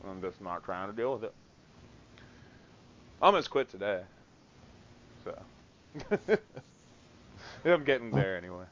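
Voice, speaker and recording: A man's voice: lowish voice, big pitch swings, unhurried, pauses often, dull audio, slight background noise. A man co-hosting a casual podcast, venting about work with lots of swearing and laughter. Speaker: podcast co-host. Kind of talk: casual chat.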